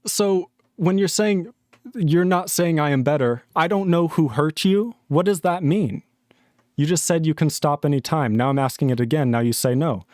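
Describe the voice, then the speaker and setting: Male streamer, heated and profane, ranting at chat, slightly high voice, dry close mic. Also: moderate pace, darkish tone, no room sound. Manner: angry, profane, arguing with chat. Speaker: livestream host.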